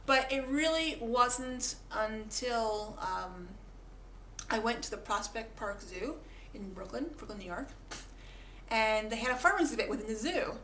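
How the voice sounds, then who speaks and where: A woman's voice: fairly high pitch, a little slow, bright, forceful tone. A woman vlogger talking casually to camera, chatty and self-mocking, often repeating words as she goes. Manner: chatty, self-mocking, acts out little voices for animals. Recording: echoey room, faint background noise.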